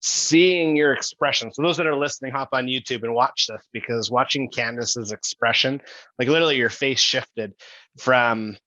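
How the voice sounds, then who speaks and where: A man hosting a podcast, warmly affirming and reflecting on his guest's story. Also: medium pitch, moderate pace, no room sound, dull audio. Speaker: podcast host.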